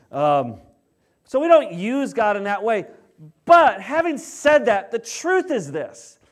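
Middle-aged guy preaching, kinda high voice, chatty, asks the crowd stuff, gets hushed reading scripture. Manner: conversational preaching, asks the audience questions; drops to a hushed, solemn voice when reading scripture. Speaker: pastor. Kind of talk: sermon.

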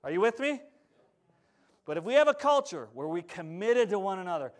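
A male pastor in full sermon, his fairly high voice rising to forceful urgency before dropping to quiet earnestness. He keeps pulling the congregation in with calls for a response. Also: animated, fairly quick. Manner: passionate preaching, swings from loud urgency to quiet earnest tones.

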